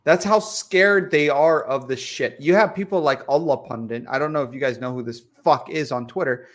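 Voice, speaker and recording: A man co-hosting a political podcast rants at a moderate pace in a medium-pitched voice. Worked up and profane, he swears a lot and repeats himself during the heated political chat.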